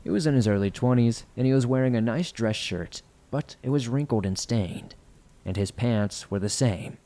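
A man reading listener-submitted horror stories aloud in a measured, somber narration. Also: medium pitch, dark tone.

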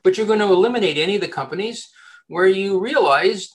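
A man, a headhunter, giving job-hunting advice in a casual interview, talking in an animated way with many restarts. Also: high-pitched, quick pace. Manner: animated, chatty, many restarts and repeated words.

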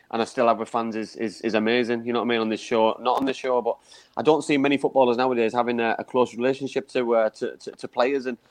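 A man's voice: medium pitch, no echo. A man, a former footballer co-hosting a podcast, asking rambling questions in casual chat.

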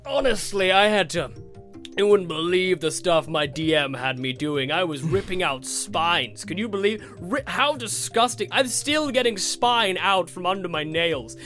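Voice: medium pitch, lively intonation, unhurried, a bit bright, soft background music. A game master voicing a chatty male orc who complains to the others while relaxing at a spa. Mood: gossipy.

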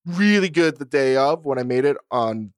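A man's voice: medium pitch, animated, normal speed, dry recording, studio quality. A man co-hosting a podcast, chatting casually in a blunt, profane, self-mocking way. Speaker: podcast co-host. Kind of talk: casual chat.

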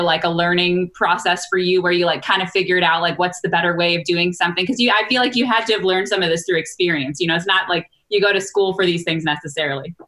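A podcast co-host with a bright, forward tone steers the talk back to her guest. She asks her questions chattily and softens them with hedges. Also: lowish voice. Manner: chatty, hedging, laughs between phrases. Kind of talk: casual chat, asking questions.

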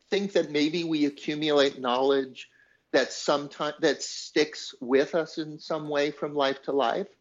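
A man's voice: fairly high pitch, dull audio. A man telling a personal story in an interview, acting out the people he quotes and laughing as he goes. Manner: animated storyteller, acts out quoted voices, laughs. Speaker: songwriter guest. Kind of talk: conversational storytelling.

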